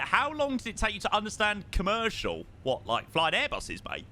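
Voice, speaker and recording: Here the southern English flight sim streamer's voice is high and sharp, swinging hugely in pitch at a moderate pace. He chats casually on his live stream, reading viewer messages and swearing freely, over slight background noise.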